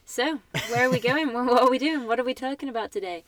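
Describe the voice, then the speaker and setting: Playful woman podcast co-host. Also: on the high side. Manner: playful, teasing, quick laughs. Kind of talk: casual chat.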